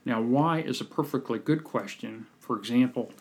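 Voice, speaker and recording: Husky man telling animated stories. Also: medium pitch, moderate pace. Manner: animated storyteller, acts out quoted people. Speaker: podcast guest, communication coach. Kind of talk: casual storytelling chat.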